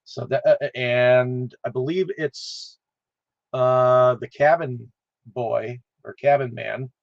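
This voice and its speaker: A man leads a casual film chat, talking slowly and stumbling through his sentences with a steady stream of "uh" fillers. The recording is dry and a bit dull, with a lo-fi edge. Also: medium pitch, creaky, no room sound. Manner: halting, with constant "uh" fillers. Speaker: podcast host.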